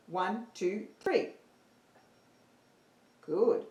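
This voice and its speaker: An upbeat woman leads an online singing class and counts her students in. Her pitch moves a lot as she talks. Her voice echoes around a roomy space. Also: big pitch swings, slow pace. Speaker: singing teacher. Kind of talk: online singing lesson livestream.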